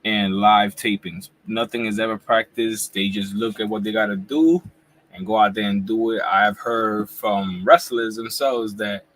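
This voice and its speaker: A man's voice: lowish voice, steady tone, unhurried, a bit bright, low-quality recording. Laid-back slangy man in his forties. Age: 40s. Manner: laid-back slangy talk, eating while talking. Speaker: wrestling YouTuber host. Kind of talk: casual live reaction chat.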